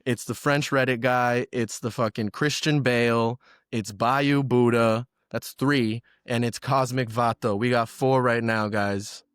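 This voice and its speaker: Dude rambling on a podcast, mid-pitched voice, dry close mic, loose and sweary. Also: male voice, steady tone, a little slow, a bit bright, clean tone, no echo. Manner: rambling, loose, swearing, drifts into silly bits. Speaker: podcast co-host. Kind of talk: casual chat.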